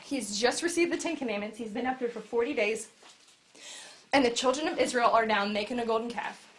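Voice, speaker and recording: A woman delivers a sermon with a slightly high voice. She tells Bible stories in a lively way and acts out the scenes as she goes. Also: a little fast. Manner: animated storytelling, acting out Bible scenes. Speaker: preacher.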